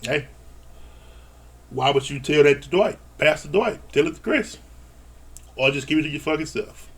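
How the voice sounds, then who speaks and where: A man's voice: a little high, expressive, normal speed, gravelly, a bit bright, breathy edge. A man recapping a reality TV episode in a blunt, exasperated rant, swearing freely. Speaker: reality TV reviewer. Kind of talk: casual ranting recap.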